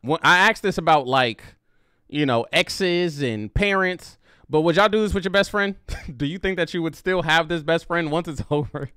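A man hosting a casual reaction livestream, laughing and chatting with his viewers in an animated way. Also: fairly high pitch, moderate pace, smooth, dry recording, studio quality. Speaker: reaction video host.

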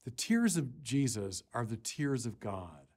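Slow, deliberate man preaching a sermon. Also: medium pitch, big pitch swings, darkish tone. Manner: earnest, rises in force when quoting scripture; slow, deliberate delivery with pauses. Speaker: bishop preaching. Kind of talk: Sunday sermon.

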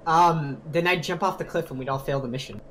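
A man chatting with friends while playing a game, goofy and excitable, cracking jokes. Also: on the high side, brisk, slight background noise. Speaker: player. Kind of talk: casual multiplayer gaming chat.

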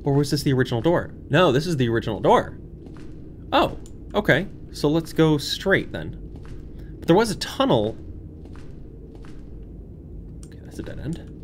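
A young man hosting a horror game playthrough, talking to viewers, jumpy and swinging from hushed muttering to yelps. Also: fairly high pitch, big pitch swings, normal speed, slight background noise. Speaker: gaming channel host. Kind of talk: horror game let's play commentary. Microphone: desk microphone.

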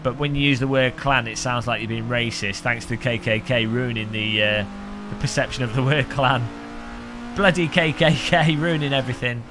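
A man streaming a racing game, joking and rambling with frequent laughs, a little hoarse after hours of talking. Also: mid-range voice, steady tone, moderate pace. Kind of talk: live-stream gaming commentary. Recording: game car engine noise behind.

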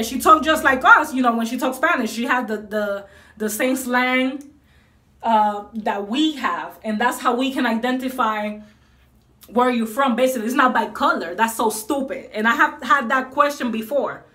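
A Puerto Rican woman, around her thirties, talks casually and emphatically to her viewers, dropping Spanish phrases into her English. Her voice sits high and sounds bright. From Puerto Rico. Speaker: vlogger answering viewers. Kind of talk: casual chat.

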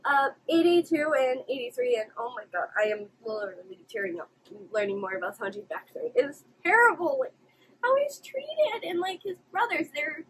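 High-voiced emotional young woman reacting. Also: sing-song, moderate pace, a bit bright, poor audio. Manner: emotional, exclaims often, swears. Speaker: reaction channel host. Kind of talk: anime reaction commentary.

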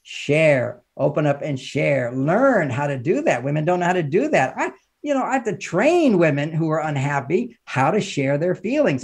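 Emphatic man giving relationship advice. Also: creaky. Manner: emphatic and lecturing, rising in pitch and volume for emphasis; repeats phrases in lists. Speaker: relationship author and counselor, podcast guest. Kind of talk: animated advice talk in an interview.

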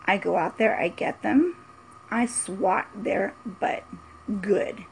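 A woman's voice: medium pitch, lively intonation, slow, vocal fry, slight background noise. A woman in her forties, a mother vlogging her opinions in a blunt, emphatic, repetitive way. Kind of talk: casual opinion vlog.

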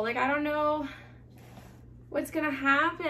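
A young woman vlogging casually, excitable and quick to gasp and exclaim. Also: high voice, a little hiss or hum. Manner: excitable, gasping, exclaims often. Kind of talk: casual vlog narration.

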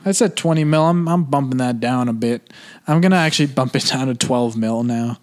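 Male co-host, casual movie chat, agreeable interjections, average pitch. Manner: chatty, quick agreeing interjections, gives verdicts. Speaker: podcast co-host.

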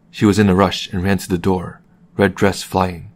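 A man reading a novel aloud as an audiobook in a calm, measured narration. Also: low voice. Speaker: audiobook reader.

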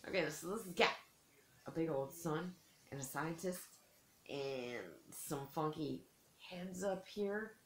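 A woman's voice: deep voice, slow, fairly bright tone, slight background noise. A woman chatting in a casual haul vlog, rambling with lots of "like" fillers and giggly, self-teasing asides. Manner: chatty, rambling, heavy use of "like". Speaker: beauty vlogger.

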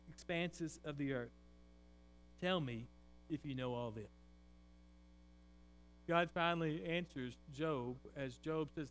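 A man preaching a sermon in a church, his voice sitting a little high. He swings between loud, raised passages and quiet, intense ones. A faint mains hum runs beneath the recording. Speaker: pastor. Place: church sanctuary.

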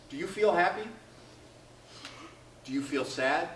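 A man's voice: a little high, animated, a little slow, fairly bright tone, a little hiss or hum. A man teaching a class, asking students questions by name and acting out quoted lines. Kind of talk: classroom lecture. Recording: echoey classroom from far off.

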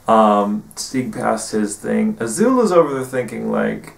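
A man recapping his tabletop game session as game master, rambling with many pauses and fillers. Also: fairly low pitch, animated, creaky. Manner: rambling, many ums, quotes players in brief character bits. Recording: echoey room, far from mic.

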